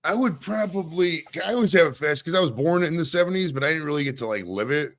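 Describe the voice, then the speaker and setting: A man's voice: fairly high pitch, animated, fast, a bit bright. A man in his forties hosting a podcast interview, rambling casually, swearing and laughing often. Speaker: podcast host.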